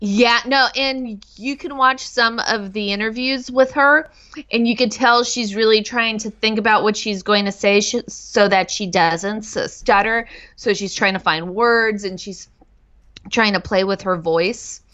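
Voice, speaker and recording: Woman, stutters on first sounds, slow careful pace, casual interview talk, dull lo-fi audio. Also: mid-range voice, fairly even intonation, fairly bright tone. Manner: stutters on word starts, with frequent fillers. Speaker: guest speaker on stuttering and dyslexia.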